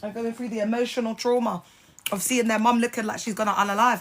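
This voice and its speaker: A woman's voice: a little high, fairly even intonation, fast, fairly bright tone. A woman talking bluntly and sassily on a phone live stream, swearing freely. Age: adult mother. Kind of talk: casual live stream talk.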